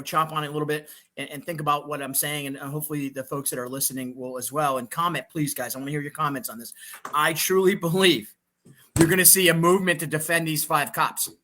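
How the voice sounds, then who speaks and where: A man's voice: on the high side, pushed and bright. A man hosting a political talk show, fired up and emphatic, repeating phrases and restarting his sentences. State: fired up on coffee.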